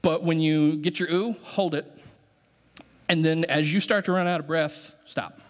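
In a church sanctuary, a pastor with a slightly high voice speaks a little slowly, with fairly even intonation. As part of his sermon, he directs the congregation in a group singing exercise, joking playfully with them.

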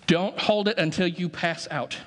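A man's voice: high-pitched, moderate pace, fairly bright tone. A man preaching as pastor, joking with the congregation while directing a group singing exercise in a church. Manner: playful, joking, directing the crowd. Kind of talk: sermon leading a congregation exercise. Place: church sanctuary.

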